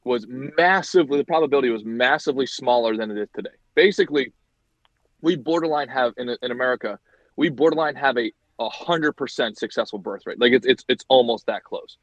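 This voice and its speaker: A man hosting a podcast, animated and argumentative as he makes his case in casual talk. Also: mid-range voice, brisk, dry recording, muffled recording. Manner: animated, argumentative, many fillers. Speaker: podcast host. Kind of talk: casual chat.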